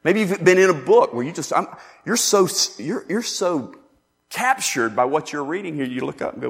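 A man preaching a sermon, emphatic and animated, acting out the scripture he quotes. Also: on the high side, moderate pace, creaky. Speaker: pastor. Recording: long reverb in a large hall.

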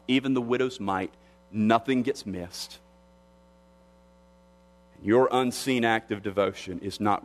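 A male pastor delivers a sermon in a church sanctuary, his voice carrying a long hall reverb. He preaches with emphasis, circling back on phrases and lifting his pitch on the words he wants to land. His voice sits at an ordinary middle pitch for a man.

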